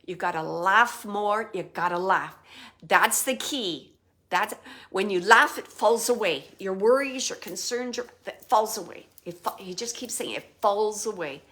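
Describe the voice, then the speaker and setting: Bright-voiced woman relaying spirit messages. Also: mid-range voice, measured pace. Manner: relays messages in bursts, drops to soft murmurs and whispers. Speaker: psychic medium. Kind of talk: live spirit reading.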